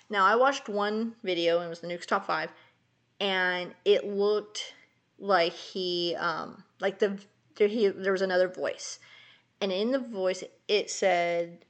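A woman co-hosting a casual chat, retelling a story in a rambling way full of fillers. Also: mid-range voice. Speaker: podcast co-host.

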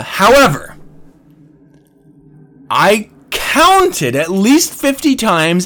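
A man hosting his own podcast, telling a story in a casual monologue, swearing freely and laughing often as he rants. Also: fairly high pitch. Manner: animated, profane storytelling rant with frequent laughs. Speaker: podcast host.

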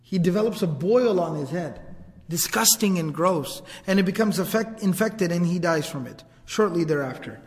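A man's voice: high-pitched, animated, normal speed. A male teacher retelling a historical story in a casual, vivid, conversational way, with asides to his listeners. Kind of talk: storytelling lesson. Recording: long hall reverb.

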